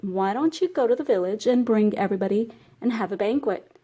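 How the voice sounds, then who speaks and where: A woman reading aloud, voicing a quick, clever male rabbit who is a trickster in a storybook tale. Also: mid-range voice, warm tone, close to an everyday voice. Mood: sly.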